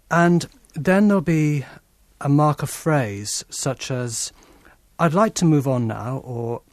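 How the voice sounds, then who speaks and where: A man's voice: mid-range voice, a little mellow, no room sound. A man explaining lecture structure in a thoughtful, explanatory way, acting out his examples with his own voice. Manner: thoughtful, explanatory, demonstrates his points aloud. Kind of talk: interview explanation.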